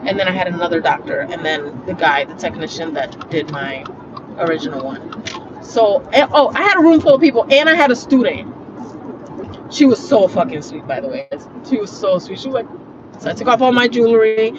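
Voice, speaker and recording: A woman's voice: mid-range voice, lively intonation, brisk. Woman vlogging from the car, swears a lot, kinda muffled, road noise going the whole time. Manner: blunt and profane, chatty. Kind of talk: casual car vlog monologue. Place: car while driving. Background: traffic and road noise.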